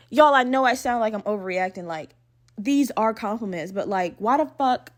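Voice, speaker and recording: A young woman in her twenties, a podcast host, tells a story in a casual, profane monologue. Her voice sits slightly higher than most women's. She is animated and often laughs, acting out the other people in the story. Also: normal speed. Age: 20s.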